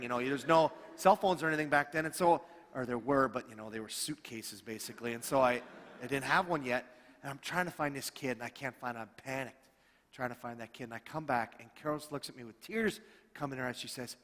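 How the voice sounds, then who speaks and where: A middle-aged man preaching a storytelling sermon as a pastor, animated and acting out the dialogue in his stories. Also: medium pitch, a little fast. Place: church sanctuary. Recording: long reverb of a church hall.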